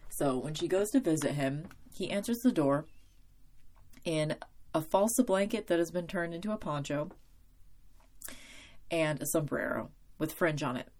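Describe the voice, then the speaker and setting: A woman's voice: sits low, expressive, moderate pace, pauses often, a little mellow. A young woman hosting a casual solo podcast, rambling and self-deprecating as she talks through a TV episode. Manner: rambling, self-deprecating, with frequent laughs and fillers. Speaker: podcast host.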